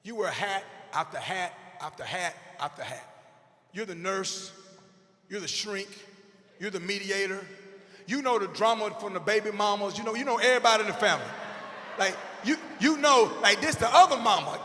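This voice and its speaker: A man in his forties giving an animated, comedic motivational speech to teachers, shouting punchlines and acting out characters. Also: high voice, moderate pace, slight background noise. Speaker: motivational speaker. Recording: long echo of a big hall.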